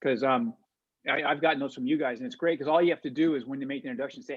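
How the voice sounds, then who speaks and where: Man, group leader, husky, rapid-fire, upbeat praise, dull dry video-call sound. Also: mid-range voice, fairly even intonation, no room sound. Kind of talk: coaching feedback on practice calls.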